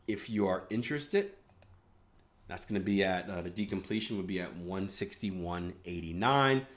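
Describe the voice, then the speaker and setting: A man's voice: low-pitched, expressive, normal speed. Chatty man talking through market charts. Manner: casual, chatty, rambling asides. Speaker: trading room host. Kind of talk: live market analysis.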